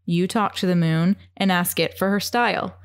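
A woman's voice: lowish voice, normal speed, dry recording, studio quality. A young woman co-hosting a podcast, chatting casually in a playful, giggly way with lots of "like"s. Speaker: podcast co-host. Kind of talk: casual chat.

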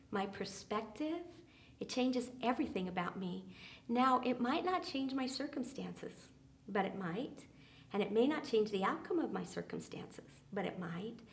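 A woman with a mid-range voice runs a church small group. Earnest in tone, she fills her speech with fillers and regularly quiets down softly for emphasis.

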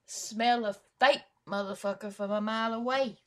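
A woman hosting a music reaction video, exclaiming and repeating lyrics with excitement. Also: mid-range voice, moderate pace.

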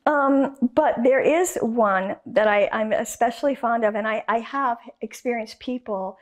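A guest artist tells stories in an interview, enthusiastic and emphatic, repeating phrases for effect. She has a fairly high voice and a measured pace.

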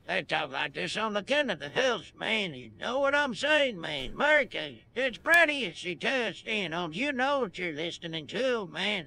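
A synthetic male voice voicing a folksy backwoods southern handyman with a slow, twangy, rambling drawl. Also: high-pitched, creaky, pushed and bright, exaggerated voice. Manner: slow, garbled country speech. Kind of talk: synthetic game character voice.

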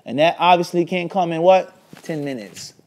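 A man teaches an Islamic class, lecturing in a call-and-response style and constantly firing "what?" at students along with scolding asides. His voice is on the high side, animated and moderately paced.

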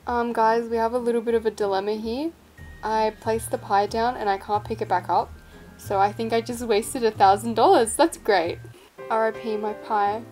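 A woman's voice: on the high side, fairly even intonation, moderate pace, a little mellow. A young woman giving chatty, playful, self-mocking commentary while playing a game, with faint music behind her. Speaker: gaming vlogger. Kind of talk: casual gameplay commentary.

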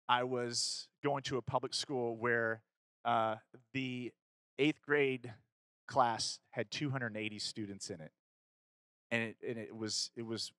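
With a mid-range voice and no echo, a man from Kentucky tells young people about his own experience. His delivery is relaxed and animated, peppered with fillers and self-corrections, and he acts out what people said.

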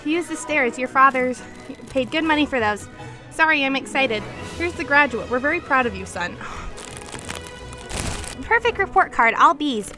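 A young woman vlogger reading a movie script aloud in a casual way, giggling and restarting lines. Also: high-pitched.

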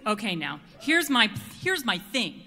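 A woman's voice: fairly high pitch, big pitch swings, a little slow, pushed and bright, a little hiss or hum. An American woman singer telling a giggly, self-deprecating story between songs on a concert stage. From United States. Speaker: quartet bass singer. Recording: reverberant concert hall.

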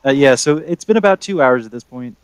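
A young man narrating as game master in a casual way, halting with many fillers. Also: medium pitch, animated.

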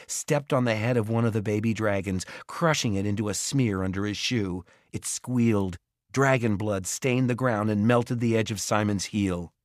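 Man reading a kids fantasy audiobook, lowish voice, steady and expressive, super dry close sound. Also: no echo. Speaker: audiobook narrator. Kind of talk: scripted narration.

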